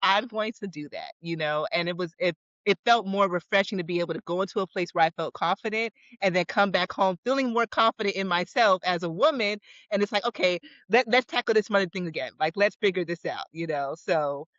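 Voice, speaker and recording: A young woman, a photographer and new mother, talking casually as a podcast guest, animated and often laughing. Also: lowish voice, a little fast, few pauses, no room sound. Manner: animated, laughs often, acts out her own thoughts. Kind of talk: casual conversational interview. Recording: slightly dull, lo-fi sound.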